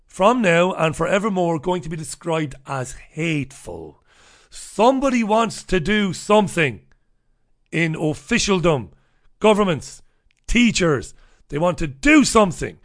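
An Irish man with a fairly high voice holds forth on talk radio. He rants in blunt, profane bursts, mocking the people he disagrees with in an opinionated monologue. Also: very animated, unhurried. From Ireland. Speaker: radio talk show host.

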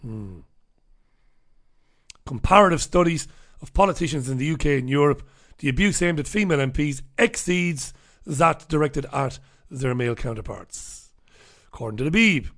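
On the high side and lively in intonation, this man speaks at a normal speed with a bit of brightness, pausing often. He hosts his own radio show and livestream, casually reading viewer comments in a sardonic, profane, rambling way.

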